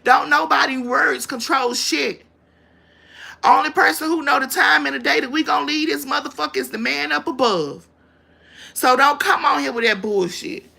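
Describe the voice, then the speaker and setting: This is ranting live-stream commentary from the host herself, a woman who is confrontational, blunt and foul-mouthed. She speaks at a moderate speed in a high, bright, edgy voice roughened by gravelly fry.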